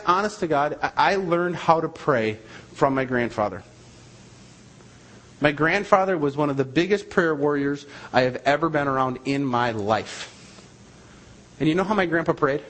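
A man's voice: fairly high pitch, a bit bright, poor audio. A man, a missionary, preaching a sermon and telling a story in an emphatic, repetitive way.

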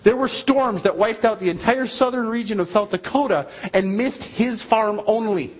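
A man's voice: high voice, moderate pace, poor audio. A man, a missionary, preaching a sermon and telling a story in an emphatic, repetitive way.

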